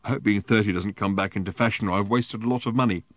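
A man voicing a drunk, rambling man telling a tall tale, talking loud, halting and insistent. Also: fairly low pitch, no echo, close to an everyday voice. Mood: tipsy.

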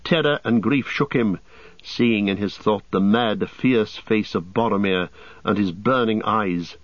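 Low-voiced man narrating an audiobook. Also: no echo. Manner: measured, dramatic reading. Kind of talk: scripted narration. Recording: dull, dry audiobook recording.

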